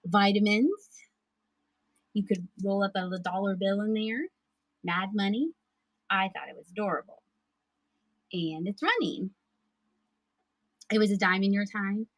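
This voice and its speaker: A woman's voice: mid-range voice, a little slow, pauses often, dry recording, low-quality recording. Chatty, giggly woman selling thrift finds. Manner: chatty, giggly, talks to chat viewers. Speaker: live-stream thrift seller. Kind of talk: casual live-selling chat.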